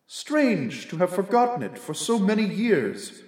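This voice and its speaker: Male reader doing gentle ghost, soft, measured, hushed. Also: high-pitched, big pitch swings, reverberant, big-room sound, pitched above the performer's own voice. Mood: solemn. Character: gentle, solemn spirit guiding an old man.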